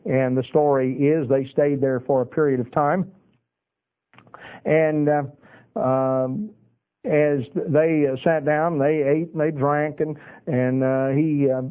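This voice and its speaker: A man preaching a sermon, retelling Bible passages in a folksy way with many pauses and uhs. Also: medium pitch. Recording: tinny phone-like radio broadcast.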